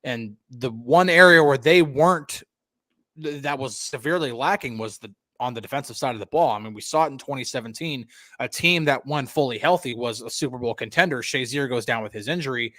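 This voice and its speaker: A man co-hosts a sports podcast, breaking things down analytically in a casual, conversational way and restarting his sentences often. His medium-pitched voice is bright and forceful at a fairly quick clip. The recording is dry and studio quality.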